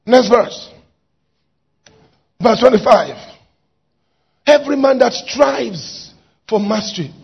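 Male preacher, gravelly high voice, shouts then drops low, muffled recording. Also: expressive, takes it slowly, pauses often. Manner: emphatic, swings from shouted exhortation to quiet asides. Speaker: pastor. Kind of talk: sermon. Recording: dull lo-fi recording.

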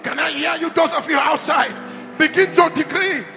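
An extremely high-pitched man with a steady tone and moderate pace delivers a fervent charismatic sermon, often shouting repetitive decrees and having the congregation repeat after him. It's recorded in a big, echoey church hall with faint music.

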